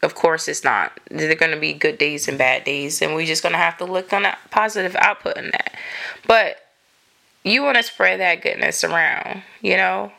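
A woman's voice: fairly low pitch, steady tone, moderate pace, creaky, pushed and bright. A woman in her thirties hosting a podcast, talking casually and encouragingly with lots of filler words. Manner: chatty, many "like" fillers, encouraging. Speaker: podcast host. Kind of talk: casual motivational monologue.

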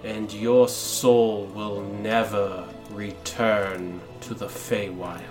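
A man voicing a cold, imperious fey king who speaks in slow, grave pronouncements. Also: lowish voice, flat delivery, music in the background. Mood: menacing.

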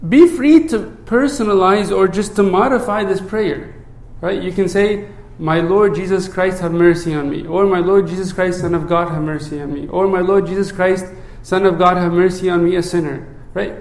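A priest with a fairly high voice delivers a relaxed, conversational sermon at a moderate pace with hardly any pauses, repeating words at the start of phrases and often asking "right?" His voice sinks low and soft for the prayer, and the room rings with echo.

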